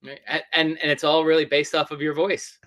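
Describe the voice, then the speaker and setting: A man's voice: on the high side, level tone, fairly quick, fairly bright tone. Hesitant man hosting a casual interview. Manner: hesitant, many fillers and restarts. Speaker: interview host.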